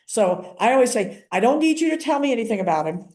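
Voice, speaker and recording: Leading a training in an informal, chatty style, an older activist and paralegal plays out the quoted conversations she recounts. Her voice is warm, expressive and on the high side, her pace quick, and the sound is roomy.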